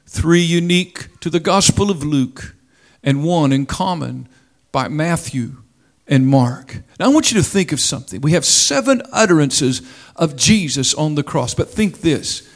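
A male preacher delivering a sermon at an unhurried, measured pace. His fairly high voice swells for emphasis, then sinks low and quiet. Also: expressive. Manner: slow, deliberate preaching with dramatic rises and drops.

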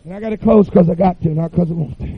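A man preaching a revival sermon in a church, chanting phrases with "uh" fillers and rising to shouts. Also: sits high, fast, husky, no echo, phone-quality sound.

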